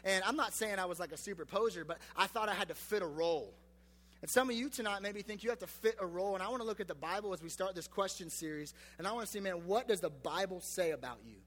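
Young male youth pastor, high bright voice, joking and casual, in a reverberant hall. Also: fast talker. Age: 20s. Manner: chatty, joking, self-deprecating, many fillers.

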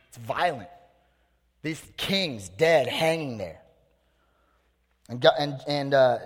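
Energetic casual youth pastor, man. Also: on the high side. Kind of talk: youth sermon. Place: large hall on a stage. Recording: long hall reverb.

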